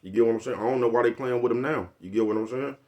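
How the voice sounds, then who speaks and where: A man's voice: medium pitch, rapid-fire, a little mellow, lo-fi sound. An older man, giving a blunt, preachy, profane motivational monologue to his viewers. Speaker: vlogger.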